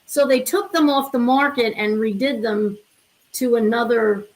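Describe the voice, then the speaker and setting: Chatty woman host reminiscing, fairly high. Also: unhurried, rough recording. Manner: chatty, eager reminiscing with fillers. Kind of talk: casual chat.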